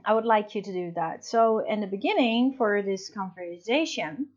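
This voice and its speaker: A woman's voice: medium pitch, normal speed. Casual woman teacher explaining things on a video lesson, lots of "like" and "you know", kinda dull lo-fi sound. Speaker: English teacher. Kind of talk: recorded online lesson.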